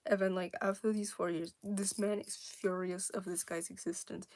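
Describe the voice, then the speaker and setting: A woman's voice: mid-range voice, little pitch movement, normal speed, darkish tone. A young woman casually rambling about her original characters, with many fillers, restarts and giggles. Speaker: storyteller.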